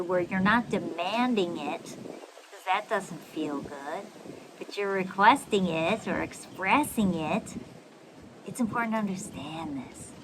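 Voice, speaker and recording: A woman podcast host coaches her listeners on communication in a lively, affectionate way, and she often stops to check they are with her. Her voice sits at an ordinary, middle pitch for a woman. A steady noise runs under the recording, with ambient and traffic sounds behind her. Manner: animated and affectionate, with frequent checks for agreement. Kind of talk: coaching monologue.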